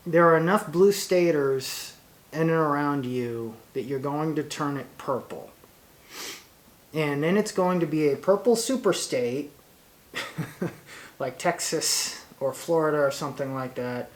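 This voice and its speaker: A man from Oregon hosting his own channel, giving a political opinion monologue in a slow, deliberate way with frequent fillers and restarts. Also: on the high side, expressive. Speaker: workshop channel host.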